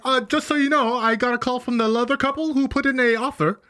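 A man improvising a pushy, fast-talking male realtor with a put-on New Mexico accent, rushing and interrupting. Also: very high voice, fairly even intonation, sharp tone, pitched above the performer's own voice. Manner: rapid, salesy, interrupting.

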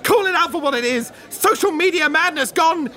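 A man's voice: very high voice, expressive, moderate pace, sharp tone, heavily acted. A man playing an exasperated man reacting with incredulous outbursts in a comedy sketch. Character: exasperated man caught in a silly name craze.

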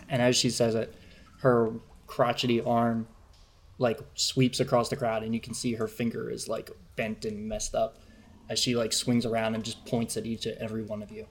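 A man with a mid-range voice narrates as game master for a tabletop game. He talks in a relaxed, chatty way, peppered with "like". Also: medium pitch, moderate pace, slight background noise.

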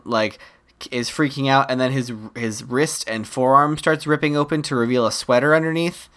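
Wry, animated podcast co-host recapping a film. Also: medium pitch. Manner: animated storyteller, laughing, wry asides. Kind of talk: casual chat recapping a film.

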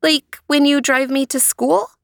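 A woman voicing an excited three-year-old girl in a storybook, high and gleeful. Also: unhurried, gravelly, no echo, studio quality. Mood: curious. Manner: squealing, gleeful.

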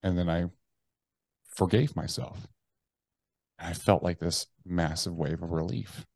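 Brief: American man, podcast guest, lowish voice, candid and profane storyteller, dry close sound. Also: a little slow, gravelly, darkish tone, dry recording. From United States. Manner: frank, profane, restarts sentences often; acts out his own inner voices.

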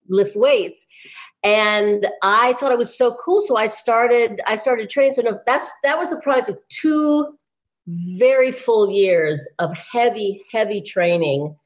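A woman actor as a guest in a casual interview, talking in a chatty, lively way with many restarts and laughs. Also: medium pitch.

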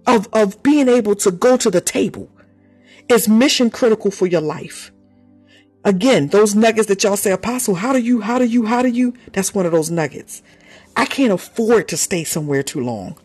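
A woman preaching with a lively, swooping voice that carries a slight huskiness. She talks to her congregation in a casual, animated way, laughing and calling out praise. Soft music plays underneath. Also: mid-range voice, moderate pace, breathy edge. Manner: animated and conversational, with laughs and sudden shouts of praise. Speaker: apostle and preacher. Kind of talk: sermon.

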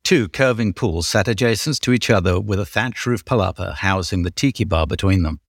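Brief: male podcast host reading his book aloud, low voice, laughs easily, dry close sound. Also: brisk, slightly rough, dry recording. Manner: giggly, stumbling reader.

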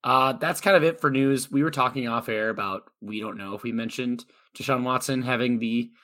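A man's voice: medium pitch, a little fast. A man co-hosting a sports podcast, talking casually with lots of fillers and jokes. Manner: relaxed, filler-heavy, joking. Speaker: podcast co-host.

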